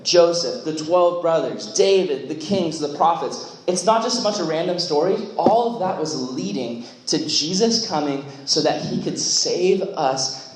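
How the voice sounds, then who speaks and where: A man's voice: a little high, a little hiss or hum. A young adult man giving a casual, jokey youth sermon as youth pastor, acting out quotes along the way. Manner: chatty, jokey, acts out quotes. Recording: very echoey room.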